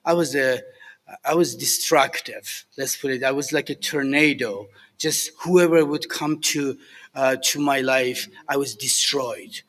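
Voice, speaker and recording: A middle-aged man from Iran with a Persian accent, sharing his recovery story to a group, halting and earnest with many fillers and restarts. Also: mid-range voice, fairly bright tone. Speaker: recovery alumni speaker. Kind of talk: personal recovery share to a group. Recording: echoey hall with long reverb.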